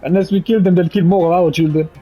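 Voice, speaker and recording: A young man from Israel talks to camera while crying, his voice high and husky as he stops and repeats himself. The recording is dull and lo-fi, with faint music underneath. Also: fairly even intonation. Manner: halting, repeating words, frequent "man". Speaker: vlogger. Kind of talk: emotional direct-to-camera monologue.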